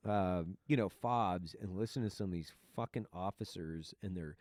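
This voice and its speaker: A middle-aged man co-hosting a casual, profane chat, animated and mocking others in put-on voices. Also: low-pitched, moderate pace, no echo, clean studio sound. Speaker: podcast co-host.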